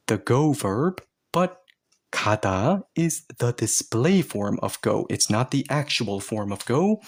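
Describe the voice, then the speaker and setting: A man's voice: mid-range voice, slightly rough. A man teaching Korean grammar to learners, explaining each step patiently and with a playful touch.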